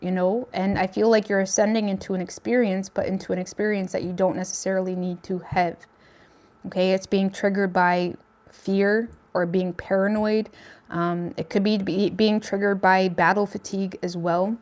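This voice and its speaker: A woman's voice: medium pitch, flat delivery, normal speed, a little mellow. A woman hosting a casual tarot reading, talking straight to her viewers in a chatty way and often hedging with "I feel like.". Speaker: tarot reader.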